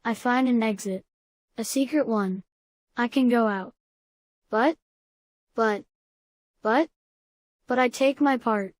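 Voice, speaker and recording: A woman's voice: a little high, no echo. A woman reading the part of a frightened boy who stammers as he thinks aloud. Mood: anxious. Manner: halting, stammering. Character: scared, clever boy Simon trapped in tunnels.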